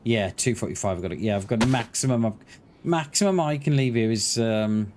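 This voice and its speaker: A man's voice: fairly low pitch, fairly quick, darkish tone. A man chatting casually and swearing freely as he live-streams a survival game, a parent of a school-age son. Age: adult parent of a schoolchild. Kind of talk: casual live-stream chat while gaming. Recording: clear background noise.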